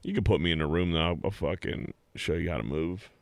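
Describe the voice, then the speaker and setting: Very deep gravelly man, podcast host. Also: fast talker, dry recording. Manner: swearing, laughing loudly. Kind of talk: casual chat.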